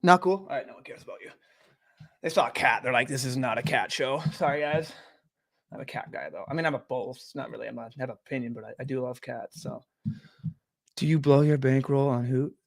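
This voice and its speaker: A man's voice: mid-range voice, quick pace, creaky. A young man rambling easily as a streamer and host in casual live-stream chat from home. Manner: easygoing, rambling, chatty. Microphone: desk microphone.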